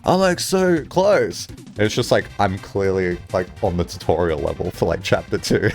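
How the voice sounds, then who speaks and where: A man livestreaming, chatting casually with his viewers in a lively, rambling way, swearing freely and filling his talk with "like". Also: low voice, moderate pace, faint music behind. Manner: animated, chatty, swears casually, many "like" fillers. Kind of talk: casual livestream chat, answering chat.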